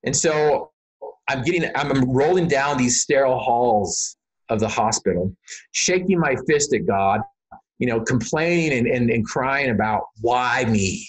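A man's voice: mid-range voice, lively intonation, a little slow. A man being interviewed, telling a personal story in an earnest, emotional way, often repeating words and saying "you know". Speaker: interview guest.

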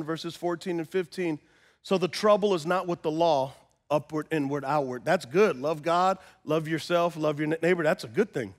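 A male pastor, middle-aged, preaching with a high-pitched voice. He tells stories in a calm tone and then rises into loud, impassioned calls. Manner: builds from calm storytelling to loud, impassioned crying out. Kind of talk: sermon.

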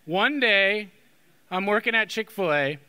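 A man's voice: sits high, expressive, measured pace, sharp tone, clean tone. A man preaching a sermon as a Catholic priest, talking in a conversational way and often checking in with "okay?". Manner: conversational, with frequent "okay?" tag questions. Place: church. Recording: long reverb of a church hall.

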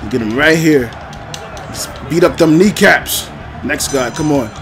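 A man giving casual, jokey commentary while playing a video game, breaking into loud outbursts. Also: a little high, a little slow, music in the background, crowd noise. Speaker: gameplay commentator. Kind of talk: casual let's-play commentary.

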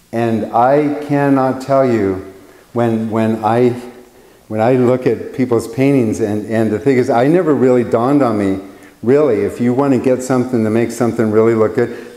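Man, painting instructor, casual rambling talk, dark voice, roomy reverb. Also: medium pitch. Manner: rambling anecdotes with acted-out quotes.

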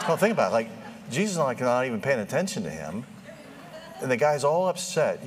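Male preacher, animated and joking, pitch jumping all over, faint room noise behind. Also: fairly quick. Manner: animated, joking, acts out quoted voices. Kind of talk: sermon.

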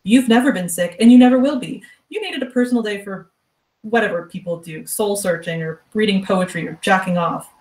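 A woman reading a story aloud, voicing a stern, controlling female store manager with a clipped, quietly pushy manner. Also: medium pitch, a little fast, echoey room, recorded from a distance, close to an everyday voice. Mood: pressuring.

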